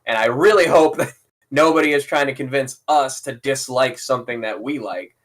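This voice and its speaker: A man's voice: mid-range voice, moderate pace. A man co-hosting a podcast in casual chat, rambling with lots of fillers and frequent laughs. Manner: rambling, full of "like" and "you know", laughs often. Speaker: podcast co-host.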